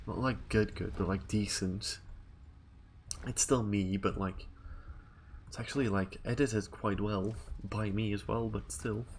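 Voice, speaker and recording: A man's voice: lowish voice, fairly even intonation, a little slow, a little hiss or hum. A young man chatting casually while streaming a game, rambling and thinking aloud with lots of fillers.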